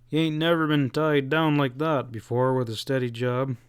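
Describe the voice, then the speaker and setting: A man's voice: mid-range voice, level tone, normal speed, clean tone, no room sound, clean studio sound, close to an everyday voice. A man voicing a folksy, meek middle-aged rancher in a western audiobook, talking in plain cowboy speech. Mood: easygoing. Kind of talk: audiobook character voice.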